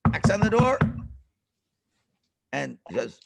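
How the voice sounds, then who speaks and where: A rabbi telling a lesson story to children over a video call, dramatic and full of questions to the kids. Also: male voice, high-pitched, very animated, slow pace, vocal fry, no room sound, clean studio sound.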